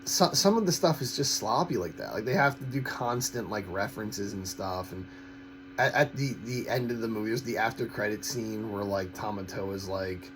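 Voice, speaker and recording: A man giving a casual, opinionated film review in a halting way, with frequent false starts and repeated words. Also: lowish voice, animated, a bit bright, slight background noise, rough recording. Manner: critical, blunt opinions. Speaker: host of a film-ranking channel.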